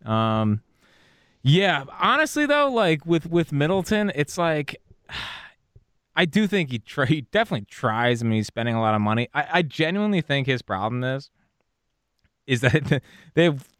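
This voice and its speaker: A man's voice: fairly high pitch, very animated, normal speed, fairly bright tone, smooth, no room sound, studio quality. A man co-hosting a casual sports talk show, giving laid-back analysis with plenty of filler words. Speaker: sports podcast co-host.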